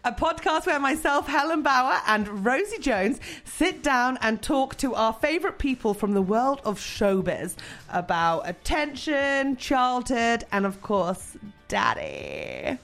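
A woman's voice: high-pitched, sing-song, takes it slowly, fairly bright tone, soft background music. A woman co-hosting a comedy podcast, playful and teasing, laughing often as she chats. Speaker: podcast co-host. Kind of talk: casual comedic chat.

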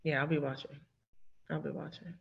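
Gravelly-voiced person chatting about a tv show, expressive, swears, lo-fi sound. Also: mid-range voice, fairly quick. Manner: expressive, swearing, laughs and exclaims. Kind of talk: casual chat about a TV show.

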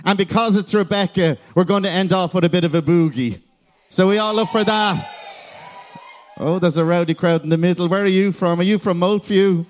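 Irish male emcee, high voice, playful crowd banter on a stage mic. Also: a little hiss or hum. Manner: chatty, teasing banter with the crowd. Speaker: master of ceremonies. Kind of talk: live stage introduction to an audience. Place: large concert venue, crowd present.

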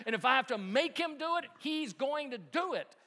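At a moderate pace, a middle-aged pastor shares a family story during his sermon, full of animated energy and laughter, before going quiet and low to drive the point home.

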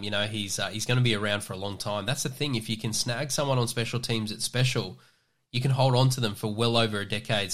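A man's voice: fairly low pitch, a bit bright. An Australian man hosting a casual sports podcast, loose and chatty, leaning on fillers while he steers the talk. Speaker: podcast host.

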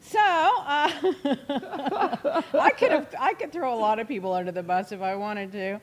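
A woman's voice: fairly high pitch, unhurried. A woman hosting a casual talk show, telling gossipy stories with lots of laughter. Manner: chatty, gossipy, laughs often, animated retelling. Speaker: host. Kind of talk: casual chat, storytelling.

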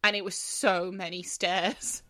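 A woman's voice: fairly low pitch, measured pace, over a noisy crowd. A woman, co-hosting a casual book chat and retelling the plot with playful exaggeration. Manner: animated storyteller, playful exaggeration. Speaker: book club podcast co-host.

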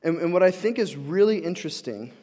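A man's voice: sits high, animated, a little fast, mellow. A young adult man preaching a conversational sermon, with casual fillers and restarts, acting out quoted voices. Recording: long hall reverb.

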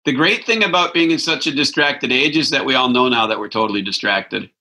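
A man's voice: mid-range voice, a little fast, sharp tone, low-quality recording. A man giving an informal spiritual talk as a Christian teacher, reflective and conversational, thinking aloud as he goes.

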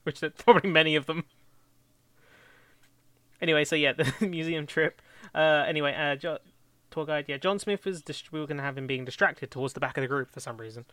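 Young guy, bright tone, dry close sound, casual rambling planning chat. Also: a little high, a little fast, no room sound. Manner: rambling, self-correcting, laughs often. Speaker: fan script co-writer.

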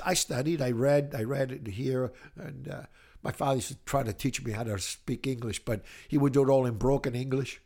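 An older man from Italy with a light Italian accent, a music educator telling animated, rambling stories with many restarts in a casual interview. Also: fairly high pitch, gravelly. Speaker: music educator, podcast guest.

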